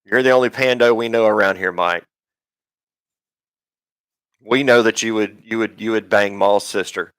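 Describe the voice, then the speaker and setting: A man's voice: fairly low pitch, steady tone, normal speed, long pauses, a bit bright, smooth, no echo, rough recording. A man hosting a live stream, rambling and swearing in casual talk, full of ums and restarts.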